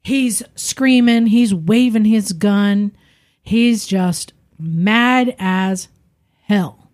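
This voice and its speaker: Woman, casual storytelling, animated, acts out quotes, mid pitch, podcast guest. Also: drawn-out words.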